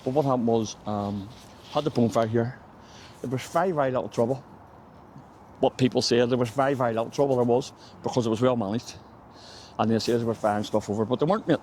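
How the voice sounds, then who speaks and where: Belfast local guide, middle-aged man, loose storytelling chat on the street, mid-pitched voice. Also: fast, a little mellow, a little hiss or hum. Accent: Northern Irish (Belfast). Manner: chatty storyteller, says "mate" constantly. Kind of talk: casual walking-tour chat. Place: outdoors on city streets.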